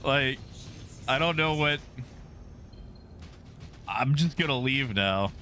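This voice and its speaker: Male streamer, unhurried and chatty, bright tone with very animated pitch; playful teasing commentary, faint ambient hiss. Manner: chatty, talking to fellow players and chat; teasing, playful sing-song repetition. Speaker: game streamer. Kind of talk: casual gameplay commentary.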